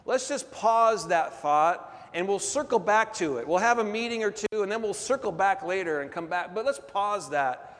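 Man voicing high, smooth-talking stalling churchgoer, hall reverb. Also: expressive, moderate pace, few pauses, a bit bright. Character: evasive stalling male churchgoer, smooth talker. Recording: long reverb of a big hall.

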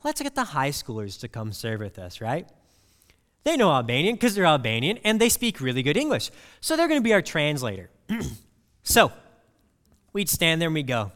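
A man preaches a sermon in a church sanctuary, his fairly high voice rising and falling with lively swings. He talks in a conversational way and weaves personal stories into the scripture. A long hall reverb trails after his words. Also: brisk.

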